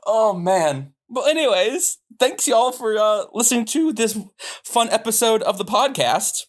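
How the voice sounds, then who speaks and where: Lively rambling podcast host man. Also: sits high, a little slow. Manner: rambling, filler-heavy, animated. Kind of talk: casual podcast chat.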